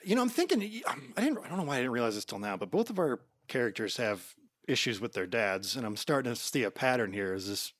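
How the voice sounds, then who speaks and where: A man's voice: medium pitch, big pitch swings, quick pace, fairly bright tone, slight background noise. A man co-hosting a podcast, joking and musing aloud in casual chat. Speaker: podcast co-host.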